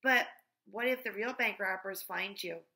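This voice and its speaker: A woman's voice: mid-range voice, a little slow, pushed and bright. Joy, a woman voicing a pushy, scheming schoolgirl. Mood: warning. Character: scheming, greedy young schoolgirl.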